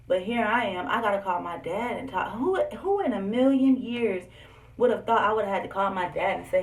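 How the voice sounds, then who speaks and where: A young woman telling personal stories straight to her viewers in an animated, candid vlog. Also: medium pitch, a little fast, distant mic. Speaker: vlogger. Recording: echoey room, voice set back from the mic.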